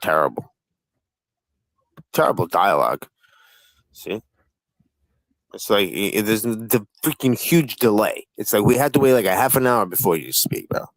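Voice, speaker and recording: A man's voice: fairly low pitch, expressive, normal speed, pauses often, no room sound, poor audio. A man hosting a livestream panel, talking in a profane, taunting and combative way. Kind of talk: heated livestream panel chat.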